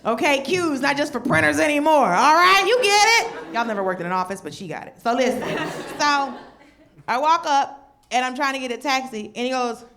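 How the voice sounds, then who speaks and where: A woman comedian doing a stand-up set, telling a story in an animated way and jumping into high voices when she plays other people. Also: brisk. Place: stage before a laughing audience. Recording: live show with audience noise.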